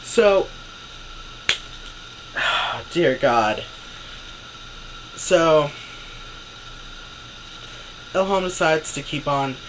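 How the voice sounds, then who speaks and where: A man's voice: a little high, background noise. A young man vlogging an exasperated, profane story, acting out what others said. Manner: exasperated, swearing, acts out quotes. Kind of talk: ranting story to camera.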